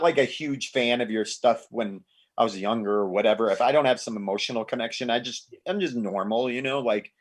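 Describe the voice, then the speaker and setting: A man's voice: mid-range voice, a little fast. A man guesting on a casual comedy podcast, telling rambling stories with free swearing. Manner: animated, rambling storyteller, swears freely.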